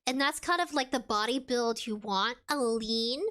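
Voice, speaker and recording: A woman VTuber chatting casually on a live stream, rambling and filling pauses with "like" and "you know". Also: fairly high pitch, bright, forceful tone. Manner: chatty and rambling, with frequent fillers.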